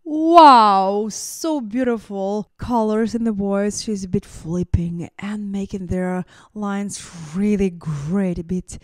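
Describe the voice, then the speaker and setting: Excitable woman vocal coach reacting. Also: medium pitch, slow, hardly any pauses, dry recording, clean studio sound. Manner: enthusiastic, exclaims often. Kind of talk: casual reaction commentary.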